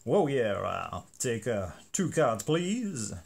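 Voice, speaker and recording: A man voicing a hopeless impersonator of a famous singer in a bad put-on American accent, drawling slowly. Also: mid-range voice, big pitch swings, a little mellow. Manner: drawling, slow, mumbling. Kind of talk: silly comic voice.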